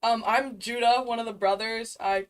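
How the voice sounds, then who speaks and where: A woman's voice: a little high, steady tone, normal speed. A teenage girl in a school musical answering interview questions, hesitant and full of fillers. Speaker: student actor guest.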